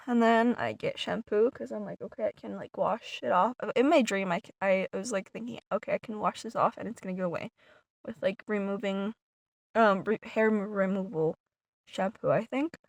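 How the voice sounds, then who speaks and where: A vlogger with a creaky, medium-pitched voice at normal speed tells her viewers a long story casually, with no room sound. She rambles, restarts, and uses many "like" fillers in an animated retelling, sometimes dropping words to a whisper.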